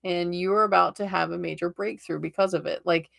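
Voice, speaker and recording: A woman with a slightly low voice gives tarot readings on a live stream. She talks in a chatty, reassuring way and keeps checking in with her listeners. She laughs easily between thoughts. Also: steady tone, a little fast, gravelly. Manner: laughs often.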